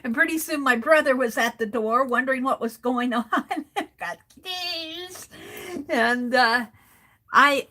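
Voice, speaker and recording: A woman's voice: high voice, bright, forceful tone. A woman hosting a crafting livestream, rambling through a casual story as she works and chuckling often between sentences. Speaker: art journaling livestream host.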